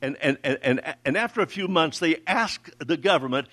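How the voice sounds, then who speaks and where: Older man telling a lively testimony. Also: fairly high pitch, moderate pace, hardly any pauses. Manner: repeats words when excited, quotes people in dialogue. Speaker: ministry founder telling a testimony. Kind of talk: sermon-style testimony storytelling.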